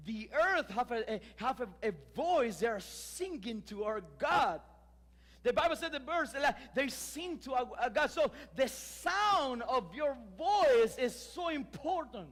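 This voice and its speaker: A male pastor, preaching a lively sermon full of restarts and emphatic rises. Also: extremely high pitch, unhurried, in a large hall. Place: church sanctuary.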